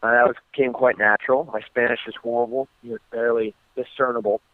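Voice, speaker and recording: An American man, a guest fighter, talks in a phone interview over a tinny line. His mid-range voice moves fast with no echo, and he tells stories in a relaxed way full of ums and restarts.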